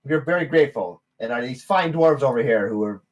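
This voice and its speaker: A man voicing an excitable male gnome innkeeper who stammers and repeats himself. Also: medium pitch, fairly quick, lo-fi sound, voice pushed up, close to an everyday voice. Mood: flustered.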